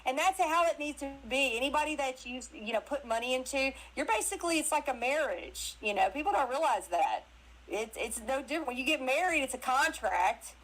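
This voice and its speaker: A woman's voice: sits high, animated, brisk, a bit bright, poor audio. A woman with a Southern accent, a guest in a casual live audio interview, talking bluntly and animatedly and laughing often.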